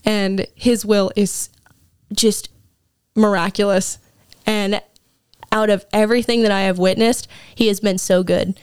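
A young woman speaking with earnest emotion as she gives her testimony in an interview. Her voice is smooth and clear, recorded close and dry with no room sound. She talks in a loose conversational way, often filling with "like". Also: mid-range voice, little pitch movement, unhurried, pauses often, no room sound. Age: young adult. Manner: earnest, emotional, frequent "like" fillers. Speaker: interview guest, Bible school student.

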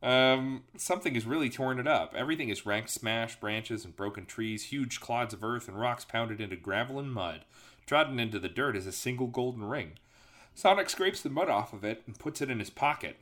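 Bright-voiced man reading a gamebook. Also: medium pitch, lively intonation, normal speed. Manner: casual, joking, swearing. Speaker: game master and host. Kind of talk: reading an interactive gamebook aloud.

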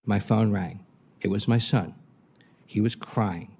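Dark-voiced father giving testimony. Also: lowish voice, takes it slowly, creaky, husky. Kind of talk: testimony at a hearing.

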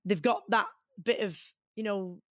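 A woman in her forties with a Mancunian accent, from Manchester, talking as an interview guest in an earnest, animated way. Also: medium pitch, a little slow, no echo, studio quality. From Manchester, England. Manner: earnest and animated, many fillers. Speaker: guest, boxer. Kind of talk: conversational interview.

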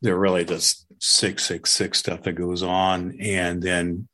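A man's voice: low voice, flat delivery, slow, sharp tone. A man and pastor hosting an interview, asking curious questions with many hesitant restarts. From United States. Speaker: podcast host, pastor. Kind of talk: casual interview chat.

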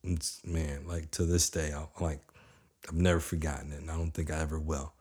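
A young man with a low, deep voice delivers a motivational talk straight to his listeners. He speaks with energy and a casual, chatty manner, hammering points home by repeating them. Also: brisk, breathy edge. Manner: energetic, conversational, repeats for emphasis.

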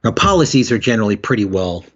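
Husky-voiced man giving measured advice. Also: lowish voice, very animated, fairly bright tone, highs cut off. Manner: measured, repeats words while explaining. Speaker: guest, emergency physician and expert witness. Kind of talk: conversational advice in an interview.

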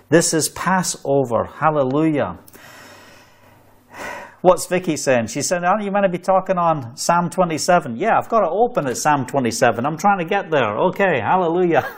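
Guy preaching online, fired up, kinda high voice, keeps repeating himself. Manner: fervent, repeats phrases, reads scripture aloud. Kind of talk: online sermon.

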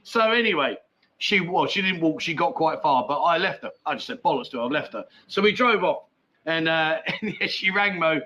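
Chatty man, high bright voice. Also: animated, moderate pace, highs cut off. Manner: rambling, chatty, swears freely, laughs often. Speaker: live stream chat show host. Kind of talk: casual chat, reading viewer comments. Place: at home with a dog nearby.

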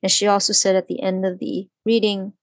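A woman guest telling a personal story in conversation, animated and full of "like", often acting out what others said. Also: medium pitch, brisk, dry recording. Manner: animated, acts out quoted voices, lots of "like".

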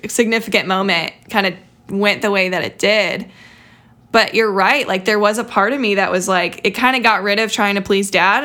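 Bright-voiced chatty woman podcast host. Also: medium pitch. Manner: chatty, reflective, lots of "like" and "you know". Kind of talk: casual podcast conversation.

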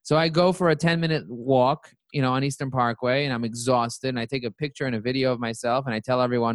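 A man's voice: medium pitch, steady tone, quick pace, hardly any pauses, no echo. A man, a company CEO, telling his story as an interview guest and acting out his own quoted lines.

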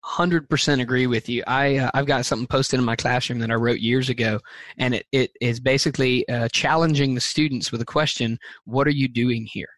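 Man, earnest, thoughtful, many fillers and restarts, mid pitch, dry sound. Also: fairly even intonation, a little fast, a bit bright, dry recording. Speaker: guest, teacher and speaker. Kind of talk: podcast interview answers.

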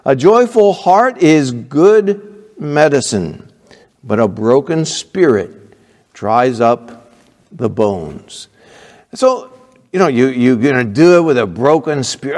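A man preaching a sermon as pastor, animated and acting out little scenes between kids and parents. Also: medium pitch, takes it slowly, in a large hall.

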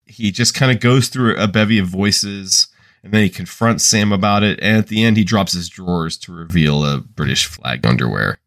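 Man, podcast co-host, deep voice, lively up and down, casual wry recap. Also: moderate pace, creaky. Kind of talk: casual chat.

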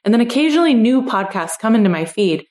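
A woman hosting a podcast, thinking aloud in a relaxed interview with many fillers. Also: fairly high pitch, fast, echoey room. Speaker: podcast host. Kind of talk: casual interview chat.

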